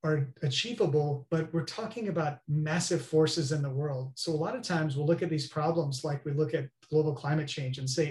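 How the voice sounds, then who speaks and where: Earnest male guest, slightly high voice, roomy echo. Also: moderate pace, hardly any pauses, a little mellow. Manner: earnest, explanatory, often asks "right?". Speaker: guest expert. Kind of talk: interview conversation.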